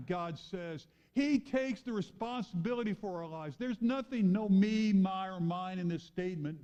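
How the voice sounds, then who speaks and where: Man preaching with hushed and loud swings. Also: sits high, measured pace, dull audio. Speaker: pastor. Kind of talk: sermon.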